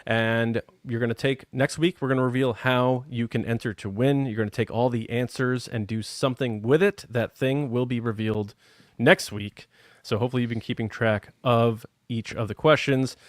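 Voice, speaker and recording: Male podcast host at a mid-range pitch, upbeat and conversational. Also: fairly even intonation, moderate pace, no echo, studio quality. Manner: upbeat, reads listener comments and runs a trivia segment. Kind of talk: casual aftershow chat.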